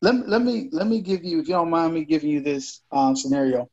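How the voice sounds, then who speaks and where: A man's voice: a little high, a little fast. A man co-hosting a podcast, telling a personal story casually and acting out the dialogue. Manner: animated, acts out dialogue. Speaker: podcast co-host. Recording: dull lo-fi podcast audio.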